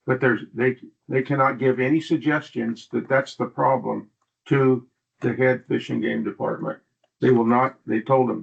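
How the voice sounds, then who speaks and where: A man with a heavily gravelly, creaky voice chairs a county board meeting. He is brisk and friendly, and the sound is thin and tinny, like a phone line. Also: mid-range voice.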